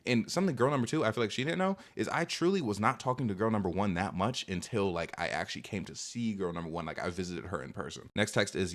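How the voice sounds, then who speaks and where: A man's voice: sits low, quick pace, few pauses. A young man vlogging, telling a rambling, defensive storytime full of filler words. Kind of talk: casual storytime monologue.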